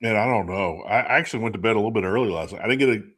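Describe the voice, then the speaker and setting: A man's voice: on the low side, very fast, a bit bright, husky. A man hosting a talk show in casual chat, rambling with lots of fillers and laughing often. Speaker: host.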